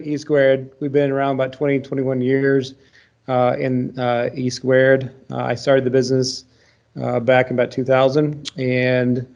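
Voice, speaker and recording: Male founder as podcast guest, mellow voice, explanatory with frequent fillers, dull lo-fi remote audio. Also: medium pitch. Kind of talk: casual business explanation.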